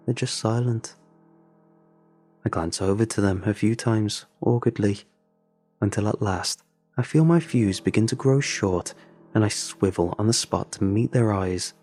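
A man narrates a first-person horror story in a low, dark and husky voice. His telling is measured and brooding, with faint music under it.

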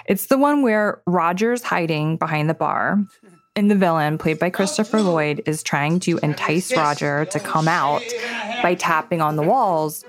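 A woman writer narrating her own audio essay in a reflective, thoughtful manner on a close studio mic. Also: low-pitched. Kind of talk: scripted narration.

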